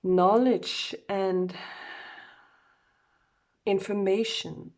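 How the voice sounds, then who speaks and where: A woman's voice: mid-range voice, fairly even intonation, drawn-out words, darkish tone. A woman doing a casual oracle card reading, groggy from just waking up and talking hesitantly with many fillers and self-corrections.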